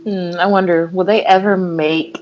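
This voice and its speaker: A woman's voice: on the low side, steady tone, moderate pace, a little mellow, dull audio. A woman co-hosting a podcast in casual chat, mostly giving short interjections and asking curious questions. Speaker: podcast co-host.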